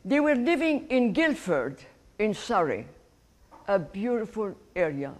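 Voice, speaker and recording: Animated elderly woman. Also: mid-range voice, a little slow. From Egypt. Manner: warm and animated, laughing at her own story. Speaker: guest speaker. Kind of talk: personal life storytelling to an audience.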